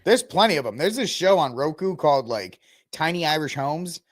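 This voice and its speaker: Sarcastic ranting podcast host, fairly high. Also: male voice, very animated, normal speed. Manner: laughs often, slangy. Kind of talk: casual news commentary.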